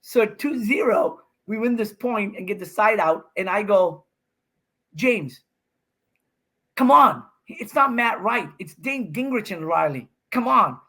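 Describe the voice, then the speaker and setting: A man in his fifties, a podcast guest, telling an animated story and acting out what he said in a raised voice. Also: high-pitched, normal speed, hardly any pauses. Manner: excited, acts out his own quotes with raised voice. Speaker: guest, professional pickleball player.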